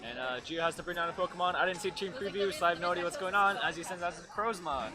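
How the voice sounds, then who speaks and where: Man, esports caster, casual play-by-play, slightly high voice, music playing in the background. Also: fast talker, crowd noise. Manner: casual, filler-heavy play-by-play. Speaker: esports commentator. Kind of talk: live game commentary. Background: music playing nearby.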